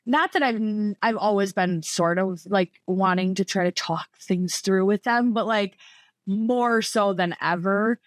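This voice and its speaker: A woman chats as a podcast guest. She rambles, leaning on fillers like "like" and "you know". Her voice is mid-pitched and the sound is dry and close. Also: measured pace, no room sound. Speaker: podcast guest, former coaching client. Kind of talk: casual conversational interview.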